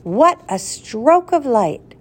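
A woman's voice: on the high side, sing-song, slow, husky, full character voice. An eager old professor explorer, as a woman reads him aloud. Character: excited elderly male professor explorer.

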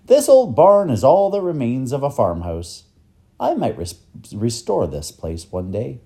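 A man voicing a kindly, learned old professor who explains things gently in a storybook reading. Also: mid-range voice, huge pitch swings, a little slow, voice pushed up. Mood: cheerful. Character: kindly older male professor, warm and learned.

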